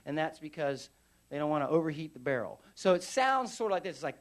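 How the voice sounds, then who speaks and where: A veteran man giving a live storytelling speech at a conference, animated and acting out scenes with sound effects. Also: on the high side, racing. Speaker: veteran speaker. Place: conference stage.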